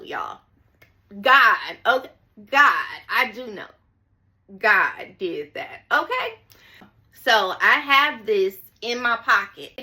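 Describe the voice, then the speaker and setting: A woman's voice: on the high side, pushed and bright. A young woman telling a personal story to her viewers in a chatty, dramatic way, often repeating phrases and calling them y'all. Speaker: storytime vlogger.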